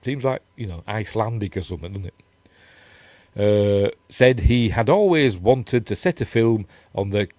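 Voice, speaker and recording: Yorkshire bloke chatting and reading news aloud, fairly low voice, rambly, dry close mic. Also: male voice, lively intonation, normal speed, darkish tone, dry recording. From Yorkshire, England. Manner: rambling, chatty, self-deprecating, reads quotes and chat comments. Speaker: host. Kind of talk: casual news chat reading articles aloud.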